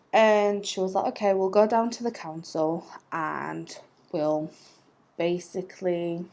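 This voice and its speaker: A young woman vlogger tells a personal story to the camera, her voice fairly low, creaky and mellow. She rambles chattily, using fillers and laughing at herself.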